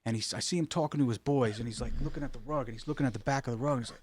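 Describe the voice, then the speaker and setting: A man telling stories in a casual, animated way, with many fillers and restarts, recorded in a studio. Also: medium pitch, very fast, dry recording. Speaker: rug artist guest. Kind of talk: casual storytelling.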